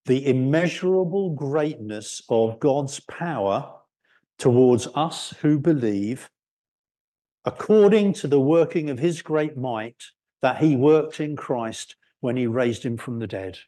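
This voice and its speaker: A man preaching a sermon, explaining scripture in an unhurried way and lifting his voice on key words. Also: mid-range voice, lively intonation, dark tone. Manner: unhurried expository preaching, rising for emphasis.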